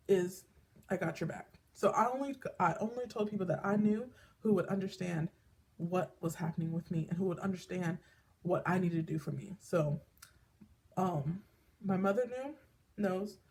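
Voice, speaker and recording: There's a faint hiss or hum behind this vlogger's lowish, slightly mellow voice as she speaks candidly about her life. Rambling with plenty of fillers and restarts, she becomes emotional and tears up now and then.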